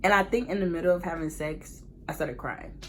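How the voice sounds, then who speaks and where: A young woman, telling a candid, animated personal story as a casual storytime vlog, full of slang and laughter. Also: lowish voice, a little fast, a little hiss or hum. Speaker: vlogger.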